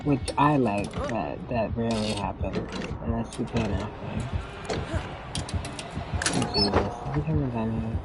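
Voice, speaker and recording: A man's voice: on the low side, measured pace, long pauses, noisy background. A man chatting casually as he streams a video game, rambling and laughing often. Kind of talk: casual gameplay commentary.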